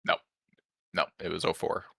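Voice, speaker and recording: A man's voice: normal speed, bright, forceful tone, no room sound. A young Canadian man co-hosting a podcast, cutting in with blunt, teasing comebacks in casual chat. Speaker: podcast co-host.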